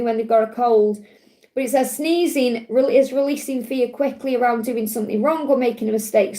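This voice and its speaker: A woman's voice: a little high, mellow. A woman hosting a live card-reading stream, talking in a reassuring, affectionate way and checking in with "okay?" and "honey". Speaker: tarot reader hosting a livestream.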